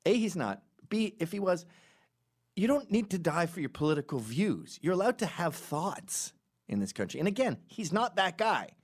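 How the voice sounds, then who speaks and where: Lively animated man hosting a podcast. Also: high-pitched, normal speed. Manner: animated storytelling with sarcastic asides. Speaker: podcast host. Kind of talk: casual podcast monologue.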